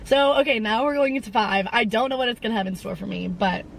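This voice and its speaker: A woman's voice: a little high, fast, gravelly, slight background noise, poor audio. A young woman of about twenty hosting her own podcast, in a casual, rambling chat full of tangents and fillers. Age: around 20. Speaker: podcast host.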